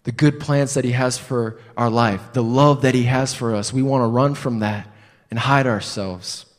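A man's voice: medium pitch, steady tone, normal speed. A man preaching a sermon in a church building, telling a personal story in a conversational, self-deprecating way, with rhetorical questions and hesitant restarts. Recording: long hall reverb.

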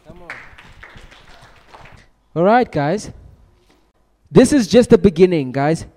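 A man's voice: high voice, expressive, unhurried, dark tone. A man giving a motivational talk, energetically rallying his audience. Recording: long hall reverb.

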